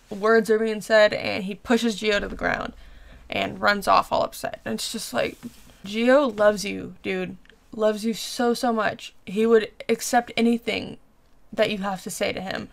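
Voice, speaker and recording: A young woman in her twenties, hosting a reaction video and recapping and reviewing an episode in chatty, animated fashion with plenty of "like". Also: medium pitch. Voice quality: gravelly vocal fry. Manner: chatty, animated, filler-heavy with frequent "like".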